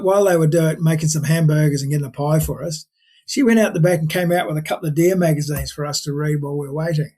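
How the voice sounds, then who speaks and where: A man's voice: on the high side, darkish tone, slightly rough. An older man, a podcast guest chatting and telling stories in a rambling way, full of restarts. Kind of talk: casual storytelling chat.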